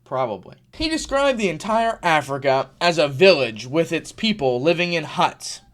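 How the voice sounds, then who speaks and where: A man's voice: on the high side, lively intonation, moderate pace. A man giving casual commentary on online drama, chatty and full of sarcastic asides and fillers. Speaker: YouTube commentator.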